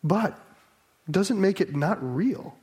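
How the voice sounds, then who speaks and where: Man, preacher, high voice, earnest, emphatic sermon delivery, rhetorical questions. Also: animated, slow pace, mellow.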